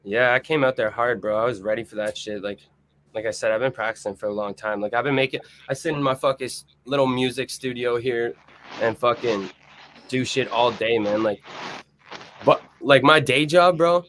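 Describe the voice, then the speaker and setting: Young male guest, rambling, cursing, excited storyteller on a remote mic. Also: mid-range voice, normal speed, slight background noise. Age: young adult. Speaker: guest musician. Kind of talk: casual chat, storytelling. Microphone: video or remote mic, quiet at first.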